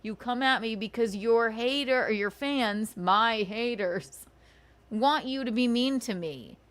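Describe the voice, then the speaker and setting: A woman's voice: on the high side, a little slow, fairly bright tone. A woman hosting a livestream, ranting sarcastically with swearing and giggles. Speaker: livestream host. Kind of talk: casual livestream rant.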